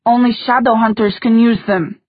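A fierce young woman fighter speaks in a forceful, commanding way, as a woman narrator voices her. The voice is husky, and the sound is thin and phone-like. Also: a little high, fairly even intonation, normal speed, no echo, voice pushed up, close to an everyday voice.

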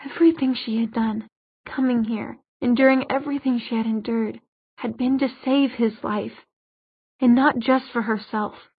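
Husky woman narrating an audiobook. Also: fairly high pitch, fairly even intonation, moderate pace, dry recording. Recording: dull lo-fi audiobook recording.

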